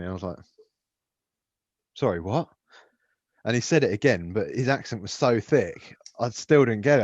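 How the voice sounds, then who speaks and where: A young man co-hosting a podcast, telling stories with lots of swearing and animated voices. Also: lowish voice, dry recording, muffled recording. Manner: swears a lot, animated storytelling. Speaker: podcast co-host. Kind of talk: casual chat.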